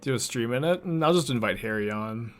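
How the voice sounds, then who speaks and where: A man's voice: mid-range voice, animated, fairly quick. A man streaming a card game, thinking his plays through aloud in casual chat and answering viewers' questions as he goes. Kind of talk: casual live-stream gameplay commentary.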